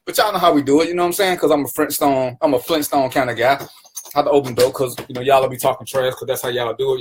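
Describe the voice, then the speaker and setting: With a fairly high, breathy-edged voice, a male livestream talk show host runs his own stream. He calls out viewers by name and ribs them in loose, playful banter.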